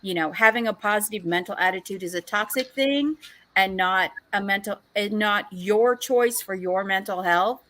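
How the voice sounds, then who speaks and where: A woman's voice: medium pitch, normal speed, fairly bright tone, low-quality recording. A woman in a casual livestream chat, talking earnestly and emphatically about staying positive.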